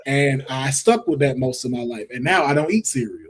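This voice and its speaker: A man co-hosting a casual wrestling watch-along, animated and joking as he riffs with friends. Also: medium pitch. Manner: animated, joking, quick to riff. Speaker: wrestling show co-host.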